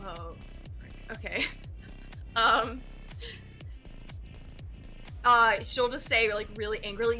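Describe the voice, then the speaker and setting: High, bright-voiced woman player. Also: slow, long pauses, faint music behind. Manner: hesitant, thinking aloud. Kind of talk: casual tabletop play.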